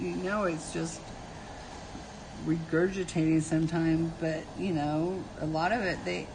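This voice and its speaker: A woman's voice: mid-range voice, slight background noise. A middle-aged woman hosting a casual live stream, telling family stories with frequent laughter and answering viewers' comments.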